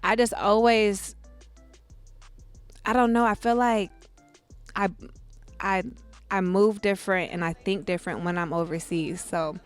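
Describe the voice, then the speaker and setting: A woman from California in her thirties, a guest musician chatting in a relaxed, coy, playful way during an interview. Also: medium pitch, unhurried, pauses often, smooth, soft background music. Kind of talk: casual interview chat.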